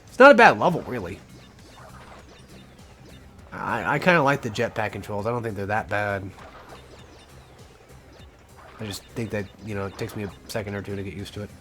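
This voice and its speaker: A man's voice: on the low side, animated, brisk, long pauses, fairly bright tone, soft background music. A man giving casual, rambling gameplay commentary with crude jokes. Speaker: let's play host.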